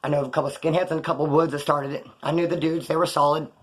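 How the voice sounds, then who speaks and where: Middle-aged man, fairly high voice, rambling profane monologue about prison days. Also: little pitch movement, very fast. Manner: profane street slang, rambling. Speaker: storyteller recounting prison life. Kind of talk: casual monologue.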